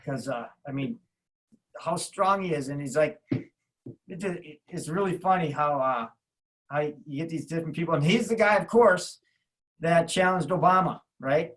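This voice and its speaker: A man in his fifties with a fairly high voice sits in as a guest, spinning long, loose stories. He trips over his words, starts over, and slips into other people's voices as he goes. His tone is casual and chatty. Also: normal speed, fairly bright tone, poor audio. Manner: rambling anecdotes full of restarts, acting out other people's lines. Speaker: martial arts coach, podcast guest. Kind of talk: casual storytelling.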